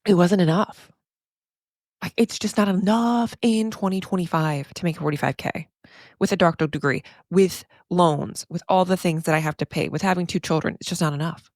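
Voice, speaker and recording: A woman's voice: on the low side, fairly quick, a little mellow, no echo, clean studio sound. A woman therapist hosting her podcast, talking casually and emphatically with frequent laughs and asides. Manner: chatty and emphatic, often says "y'all".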